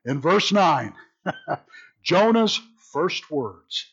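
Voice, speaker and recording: A man teaching an informal Bible study in an animated, joking way, often repeating words as he thinks. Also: fairly high pitch, drawn-out words, husky, dull audio.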